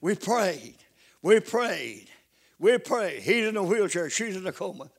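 Older preacher, high voice, folksy sermon, hushed asides to loud exhortation. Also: male voice, big pitch swings, measured pace, gravelly. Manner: repeats calls to the congregation. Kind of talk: sermon with storytelling.

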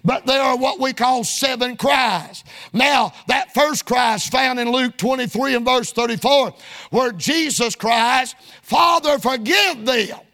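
This male preacher has a very high voice and takes his time, delivering his sermon in a sing-song cadence. He shouts often and leans on folksy, colloquial phrasing.

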